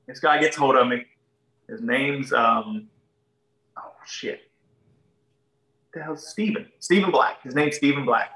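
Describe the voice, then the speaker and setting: This is a man, a guest swapping stories on a podcast. His voice is bright and forward. He talks in a folksy, animated way and slips into the voices of the people he describes. The room gives a noticeable echo. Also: mid-range voice, slow, long pauses, recorded from a distance. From Ohio, USA. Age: 30s. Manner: folksy, animated, acts out other people's lines. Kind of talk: casual storytelling.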